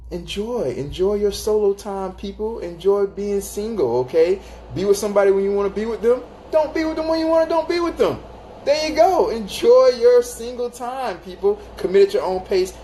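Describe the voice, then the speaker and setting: A man's voice: fairly high pitch, a little mellow. A man from Florida giving relationship advice on a live stream, talking casually and greeting viewers by name. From Florida, United States. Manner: chatty, greets viewers by name, acts out quoted voices.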